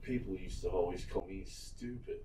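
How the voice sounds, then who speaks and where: A man's voice: low-pitched, moderate pace, warm tone, recorded from a distance, a little hiss or hum. A man co-hosting a casual recap podcast, acting out quoted lines and laughing as he retells scenes. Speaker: podcast co-host. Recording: echoey room, away from mic.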